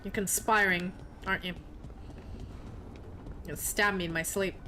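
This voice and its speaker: A woman's voice: mid-range voice, steady tone, measured pace, bright, forceful tone, a little hiss or hum. A young woman streaming a video game, chatting casually in a playful, joking way and swearing freely. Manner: playful, swearing, laughing often. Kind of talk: casual gaming commentary.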